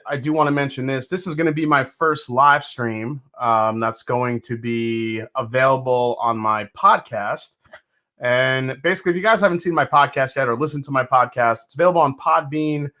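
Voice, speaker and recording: A man's voice: mid-range voice, sharp tone. A man hosting a live stream, from New York, chatting casually and greeting viewers one by one. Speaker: host.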